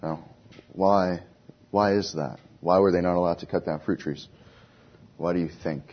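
Casting: a man with a low, husky voice as a chatty Bible teacher. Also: fairly even intonation, moderate pace. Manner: conversational, asks the class questions. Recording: dull lo-fi recording.

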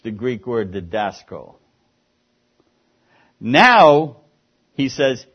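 A man's voice: mid-range voice, husky, dull audio. A man preaching an expository sermon, explaining the text with emphatic, rising and falling delivery.

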